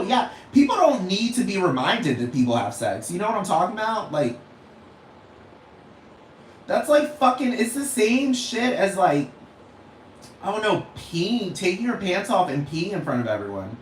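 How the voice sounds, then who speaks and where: A man on a profane, animated comedic rant with a fairly high voice, breaking into laughter often. The room gives his voice a clear echo, with faint noise underneath. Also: normal speed. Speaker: vlogger.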